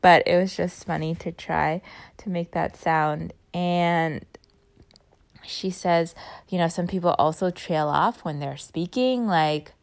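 A young woman chatting casually about a speaking workshop, full of fillers and trailing softly off at the ends. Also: on the low side, slow, vocal fry. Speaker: vlogger recapping a speaking workshop. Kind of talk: casual chat.

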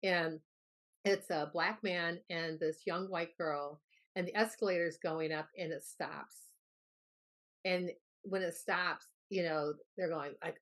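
Low-voiced woman, rambling storyteller. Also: unhurried. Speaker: guest health expert. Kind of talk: casual interview chat.

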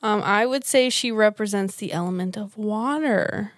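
A woman's voice: medium pitch, normal speed, no echo, studio quality. Giggly, foul-mouthed woman podcaster. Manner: giggly, swears freely. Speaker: podcast co-host. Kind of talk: casual chat.

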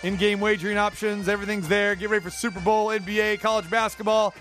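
A man's voice: high voice, flat delivery, fast, fairly bright tone, soft background music. A man hosting a sports talk radio show, playful and jokey, reading ads between segments. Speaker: radio host.

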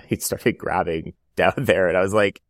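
Low-voiced man in his thirties telling his story. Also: moderate pace, dry recording, clean studio sound. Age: 30s. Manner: animated, reenacts dialogue, frequent "like" fillers. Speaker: interview guest, cancer survivor. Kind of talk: conversational storytelling.

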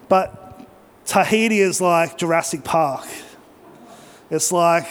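An Australian man preaching, telling a personal travel story in a conversational way and speaking directly to the audience. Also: a little high. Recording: long reverb of a large hall.

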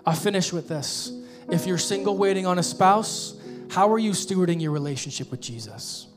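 A man's voice: high voice, moderate pace. A man preaching a sermon as pastor, emphatic and repeating his questions for effect. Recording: guitar music behind.

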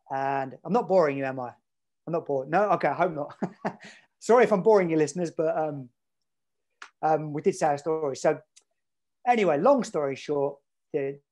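An English man appearing as a podcast guest tells a story casually, rambling and chatting with plenty of fillers. His voice is a little high with a darkish tone.

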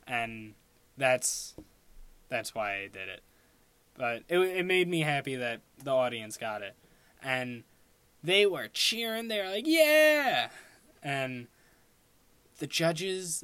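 With a slightly bright, medium-pitched voice and no echo, a young man rambles through a personal story in a casual way. He keeps interrupting himself to correct course and laughs at his own tale.

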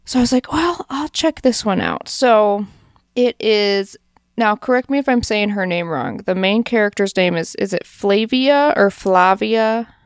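Brief: woman podcast co-host, smooth clean voice, dry sound, chatty and upbeat. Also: medium pitch, animated, normal speed, no room sound. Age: adult parent. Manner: chatty, enthusiastic, lots of fillers. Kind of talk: casual chat.

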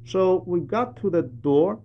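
A man reads aloud a translated radio talk, telling a story earnestly. His voice sits a little high for a man. He turns to address the listener directly at points. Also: animated, slow pace, highs cut off, a little hiss or hum.

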